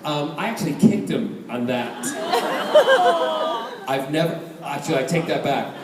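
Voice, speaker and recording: A middle-aged man from Scotland, an actor answering fan questions at a live convention panel, animated and joking, laughing often. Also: on the high side, slow pace. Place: large convention hall. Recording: echoey convention hall from a distance, loud crowd noise.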